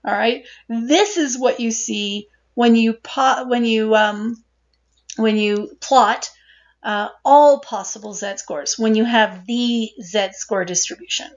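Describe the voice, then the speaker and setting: A woman with a fairly high voice lectures on statistics in a patient, explanatory way, often checking in with her listeners. The recording sounds dull and lo-fi. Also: slow pace. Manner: explanatory, asks "right?" and repeats points. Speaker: statistics instructor.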